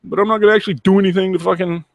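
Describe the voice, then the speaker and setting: A man's voice: high-pitched, fairly even intonation, rapid-fire, vocal fry, no room sound, voice pushed up. A man putting on the voice of a whiny, spoiled, rich male athlete to mock him. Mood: whining. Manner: mocking, whining.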